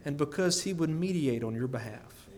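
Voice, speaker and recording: Male preacher with a higher voice, earnest and questioning, long reverb tail. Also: expressive, moderate pace, a little mellow. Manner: earnest, repeats words, asks the listeners questions. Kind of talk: sermon.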